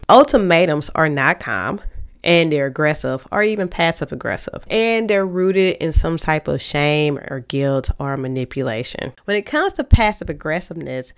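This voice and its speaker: A woman's voice: low voice, clear, resonant tone. A woman hosting a podcast, giving casual relationship advice in a chatty way, often saying "like" and "um" and acting out example lines. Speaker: podcast host.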